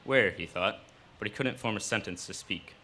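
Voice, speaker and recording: A man reading his own fiction aloud at a live cafe event, in steady storytelling narration. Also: on the low side, normal speed.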